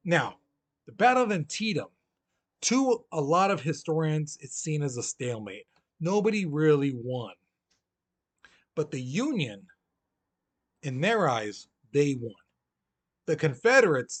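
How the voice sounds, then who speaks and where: A male history teacher giving a relaxed, conversational lecture in a somewhat high voice. He keeps it informal and talks directly to his students, as if chatting with the class. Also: a little slow, husky. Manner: casual and chatty, often says "you know"; acts out historical figures in lively voices.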